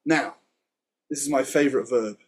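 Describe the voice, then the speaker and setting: A man teaching Hebrew words in a relaxed Torah study conversation, chatty and quick to laugh. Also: medium pitch, husky. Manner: chatty, laughs often, explains word by word. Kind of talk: casual Torah study chat.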